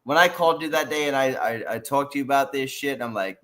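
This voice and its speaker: A man co-hosting a casual talk show, animated and peppering his talk with dude and like. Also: medium pitch, quick pace. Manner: animated, says dude and like a lot. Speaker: podcast co-host. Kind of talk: casual chat.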